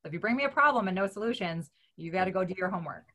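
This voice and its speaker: A woman guest on a talk show, speaking in an animated, emphatic and blunt way about her business. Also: medium pitch, very fast. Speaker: real estate investor guest. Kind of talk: casual chat.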